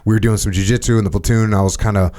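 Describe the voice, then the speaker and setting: A middle-aged man with a low voice hosts a podcast. He tells stories in a relaxed, conversational way. He sounds animated and laughs often. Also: very fast. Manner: animated retelling, laughs often, reads a passage aloud. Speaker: podcast host. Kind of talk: casual conversational storytelling.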